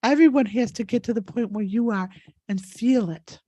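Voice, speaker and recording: A high-voiced woman leads a healing session over a video call. She is crying as she talks, and her speech stays earnest and rambling, full of restarts and asides. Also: normal speed, mellow. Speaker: spiritual healer and host. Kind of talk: live-stream healing session.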